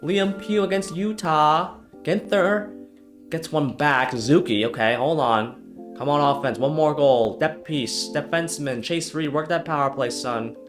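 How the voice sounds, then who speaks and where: A young man commentating his own hockey video game, exasperated and swearing, swinging from loud yelling to low muttering. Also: unhurried, faint music behind. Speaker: gaming YouTuber.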